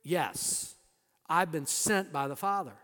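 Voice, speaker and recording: A man with a high-set voice preaching a sermon, his words ringing out in a long hall reverb. He presses his points hard, then sinks to near-hushed tones. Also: slow. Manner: emphatic preaching that drops to soft, hushed lines. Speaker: pastor.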